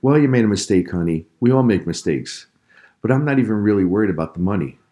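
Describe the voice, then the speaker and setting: A man voicing a gentle, reassuring mother in a read-aloud story. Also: lowish voice, expressive, fast talker, close to an everyday voice. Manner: soft, reassuring.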